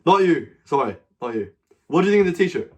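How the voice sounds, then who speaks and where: A Scottish man hosting a live stream, talking in a fairly high voice. He is brash and foul-mouthed, heckling strangers and breaking into loud, mocking outbursts. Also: big pitch swings, fast talker, husky. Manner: crude, swears freely, loud mocking outbursts.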